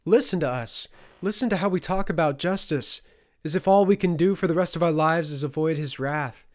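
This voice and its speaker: A man's voice: mid-range voice, steady tone, normal speed, natural voice. A man voicing a determined young peasant woman who pleads urgently with raised voice. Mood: impassioned.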